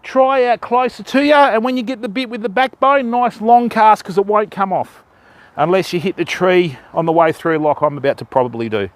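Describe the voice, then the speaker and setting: An Australian man with a fairly high-pitched voice hosts a live fishing stream outdoors. He chats easily with his viewers and walks them through baiting and rigging step by step. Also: normal speed, dry recording. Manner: chatty, explains rigs to viewers step by step. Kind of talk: casual live-stream chat while fishing. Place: outdoors on a river bank at dusk.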